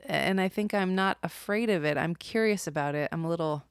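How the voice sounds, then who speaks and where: A woman's voice: on the low side, fairly quick, smooth, dry recording, studio quality. A pregnant woman, a podcast guest, talking in a reflective, searching way in casual chat. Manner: reflective, warm-hearted, searching for words.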